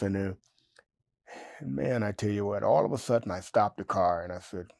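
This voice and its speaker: Gravelly older man telling a story. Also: normal speed, no room sound. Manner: animated storyteller, jumps high in pitch when quoting himself. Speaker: interview guest. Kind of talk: storytelling in a casual interview.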